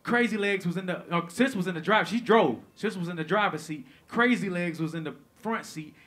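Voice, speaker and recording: A man telling a stand-up comedy story onstage, animated and profane, swinging between loud bursts and hushed asides. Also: high-pitched, fairly quick. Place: comedy stage before live audience.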